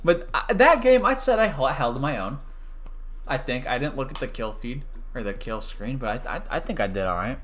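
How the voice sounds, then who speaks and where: A young man commentating his own online gameplay on a stream, joking and switching between loud outbursts and quiet mumbles. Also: medium pitch, lively intonation, normal speed. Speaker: gaming streamer.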